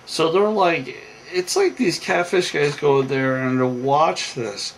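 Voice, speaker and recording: A man's voice: a little high, takes it slowly, gravelly, slight background noise, rough recording. A tired man casually recapping a reality show, rambling with lots of fillers and restarts. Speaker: show commentator.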